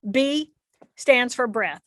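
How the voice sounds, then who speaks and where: High-voiced woman giving an animated talk. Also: slow pace, no echo, clean studio sound. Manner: animated, acts out inner voices and repeats phrases. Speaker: speaker presenting to an audience. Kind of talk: explanatory lecture talk.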